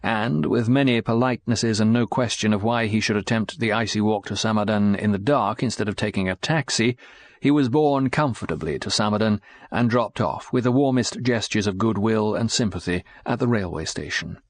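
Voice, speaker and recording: Low-voiced male audiobook narrator. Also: normal speed, no room sound. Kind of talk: scripted narration.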